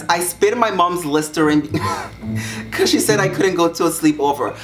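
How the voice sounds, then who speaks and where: A young man reading viewer secrets aloud on his vlog, sassy and dramatic, jumping up high in pitch to make a point. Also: very animated, slow pace, pauses often. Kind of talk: casual vlog reaction. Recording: echoey room with music behind.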